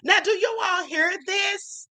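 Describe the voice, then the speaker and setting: A woman's voice: very high voice, takes it slowly, pushed and bright, poor audio. A woman hosting a livestream, giving casual commentary as she reads text messages aloud, full of emphatic rhetorical questions. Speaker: livestream host.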